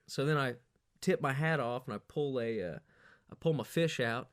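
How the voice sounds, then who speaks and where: A man hosting a podcast, telling a profane, rambling party story in a casual monologue, jumping up in pitch when he quotes people. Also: fast talker, smooth, no echo, clean studio sound. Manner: crude, profane, rambling anecdotes with animated quoted voices. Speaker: podcast host.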